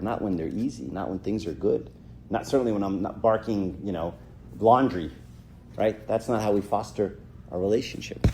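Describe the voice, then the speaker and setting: In a warm, lowish voice, a middle-aged man chats informally with a youth audience at church, slight background noise present. He acts out short quotes and leans on "right?" often.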